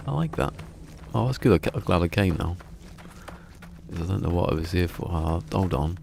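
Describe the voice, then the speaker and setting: A man's voice: sits low, animated, a little fast, creaky, darkish tone, a little hiss or hum. An English man streaming a game live, chatting casually in a rambling way, often restarting his sentences. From England.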